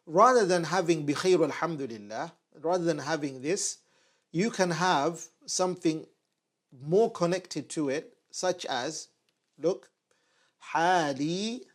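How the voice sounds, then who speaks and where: A man teaching a language lesson at a board, patiently repeating short phrases slowly so learners can follow. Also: a little high. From United Kingdom. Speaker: Arabic teacher. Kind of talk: online lesson at a whiteboard.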